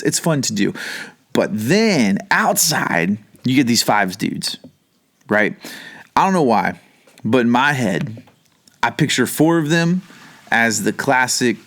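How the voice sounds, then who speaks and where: A man's voice: mid-range voice, a bit bright. A man pastor teaching the Bible casually from his home basement, chatty and rambling, with frequent asides.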